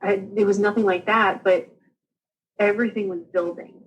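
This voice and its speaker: A woman's voice: mid-range voice, moderate pace, slightly rough, highs cut off. A young woman, casually telling her story as a podcast guest and acting out the people she quotes. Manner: animated, acts out quoted voices.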